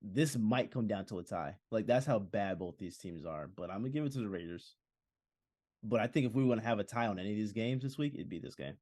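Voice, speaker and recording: A man's voice: lowish voice, fairly quick, a little mellow, no room sound, clean studio sound. A man co-hosting a casual sports podcast, laid-back and sarcastic. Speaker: podcast co-host.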